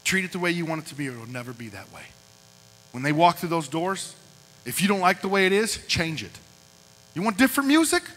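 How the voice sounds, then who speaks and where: A man with a fairly high, very animated voice, talking a little fast with a somewhat bright tone, preaches a youth service sermon as youth pastor. He directs a group in a large hall, punchy and repeating short lines, recorded in an echoey hall with mains hum.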